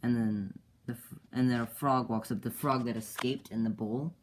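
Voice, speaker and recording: A man's voice: medium pitch, steady tone, normal speed, slight background noise. A man casually retelling a story, rambling with many restarts. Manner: rambling, full of fillers and restarts.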